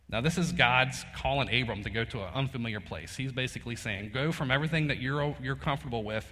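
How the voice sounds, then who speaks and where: A man's voice: medium pitch, fast, hardly any pauses, bright, forceful tone. A man, preaching a casual sermon and telling a personal story in a folksy way, laughing often. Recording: long hall reverb.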